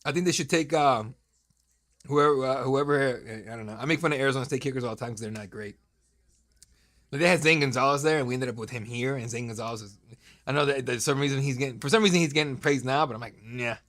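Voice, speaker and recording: This man in his thirties is hosting a live draft stream from his home setup, speaking into a desk mic at a quick pace with a medium-pitched, fairly bright voice. It's casual live-stream commentary: he chats loosely with viewers, jokes around, and tosses out crude, profane banter with chat.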